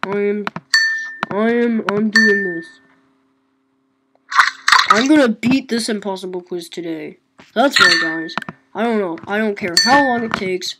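A woman gaming YouTuber giving casual gameplay commentary, excitable, swinging from low mumbling to loud outbursts. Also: measured pace, long pauses. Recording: loud background noise.

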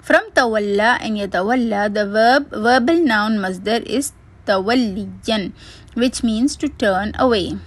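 Higher-voiced woman teaching grammar methodically. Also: measured pace. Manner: methodical, spells out root letters and terms. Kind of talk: read word-by-word grammar lesson.

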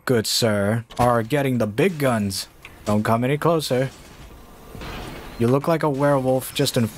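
A man playing a horror game and talking through it casually, with slow, drawn-out remarks that jump to startled shouts and curses. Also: medium pitch, slight background noise. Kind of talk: casual let's-play commentary.

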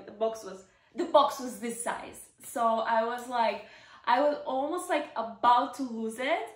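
A woman vlogger telling a personal story to camera in a chatty, excitable way, full of "like" fillers. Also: fairly high pitch, measured pace. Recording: roomy echo.

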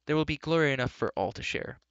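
An earnest young hero, as a man voices him, pitched higher than the plain voice. He speaks steadily and with care. It is a dry storybook reading. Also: fast talker, fairly bright tone, clear, resonant tone, dry recording, dull audio, lightly acted.

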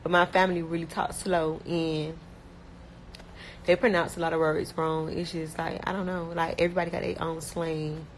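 A young woman from Miami with a Miami accent, chatting casually and bluntly, talking fast with lots of slang and filler words. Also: low-pitched, level tone, a little hiss or hum, poor audio. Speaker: rapper talking about her life. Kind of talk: casual chat.

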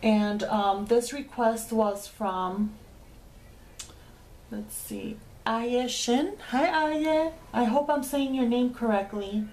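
A woman's voice: fairly high pitch, slow, darkish tone, slight background noise. A woman hosting a craft tutorial, chatting casually as she explains each sewing step with frequent fillers.

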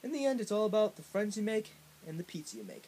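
A man with a fairly high voice tells a comic story straight to the camera. He rambles, stops and restarts, and fills the gaps with ums. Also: huge pitch swings, fast talker, mellow, breathy edge. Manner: rambling, with many fillers and restarts. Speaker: vlogger. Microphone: in front of a camera.

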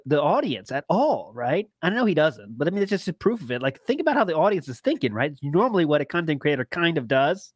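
A male podcast host talking in a casual, sarcastic way, his pitch swinging up and down a lot. He swears freely as he riffs, and the sound is close and dry. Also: no echo.

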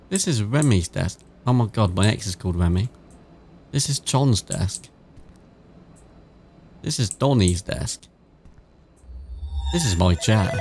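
With slight background noise behind him, a gaming YouTuber from England narrates a let's-play in a lowish, darkish voice. He speaks British English, keeps things casual and chatty, swears freely and reads game text aloud.

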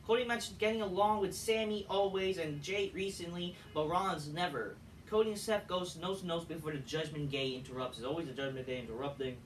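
A man's voice: a little high, a little fast, hardly any pauses, slight background noise. A man reviewing a wrestling show in a profane, exasperated, sarcastic rant. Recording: echoey room, distant mic.

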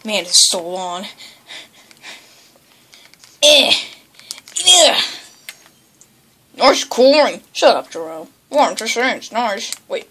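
A woman giving excited video game commentary, yelping, groaning and bickering as she plays. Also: medium pitch, unhurried, hardly any pauses. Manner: excitable, yelps and groans, bickers with toy characters. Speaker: gaming channel host.

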